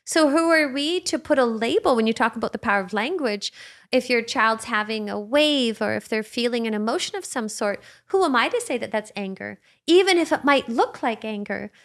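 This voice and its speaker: A woman's voice: on the high side, lively intonation, brisk. A woman co-hosting a podcast, talking reflectively and searching for her words in casual conversation. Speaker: podcast co-host.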